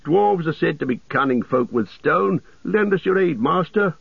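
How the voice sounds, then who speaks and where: A man's voice: a little high, expressive, moderate pace, vocal fry, slightly rough, no echo, pitched above the performer's own voice, exaggerated voice. A man voicing an old male castle defender who calls out urgently, over a tinny radio-like sound. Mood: urging. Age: older. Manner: urgent calling.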